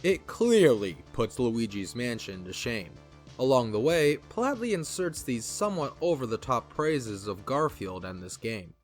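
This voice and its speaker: Guy narrating a video essay, wry, pitch jumps all over, faint music under. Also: sing-song, a little slow.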